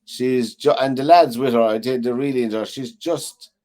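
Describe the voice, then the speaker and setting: A man's voice: medium pitch, moderate pace, warm tone. A man hosting a casual sports chat, talking in a chatty way with plenty of "you know" and eager questions. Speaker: host.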